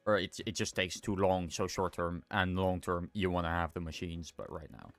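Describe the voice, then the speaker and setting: Deep-voiced young man thinking aloud. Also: normal speed, hardly any pauses, fairly bright tone, faint music behind. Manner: thinks aloud, rambling and self-correcting. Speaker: livestreamer. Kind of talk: casual gameplay commentary.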